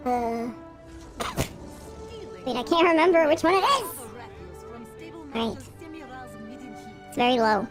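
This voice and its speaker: A woman putting on a squeaky baby voice. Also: fairly bright tone, heavily acted. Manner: giggly, breaks into laughter. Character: squeaky baby-talk version of herself.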